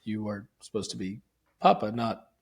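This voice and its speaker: A male podcast host with a fairly low voice. He asks gentle questions and keeps backing his guest with short affirmations in a relaxed, conversational way. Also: normal speed, gravelly, slightly rough. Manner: supportive, with short affirming interjections. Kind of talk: conversational interview.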